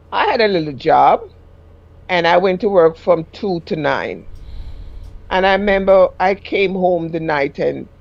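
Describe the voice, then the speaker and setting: A woman's voice: lowish voice, vocal fry, a little mellow, dull audio. A middle-aged woman with a Jamaican accent, a caller telling a personal story in rambling casual speech that rises sharply when she quotes herself.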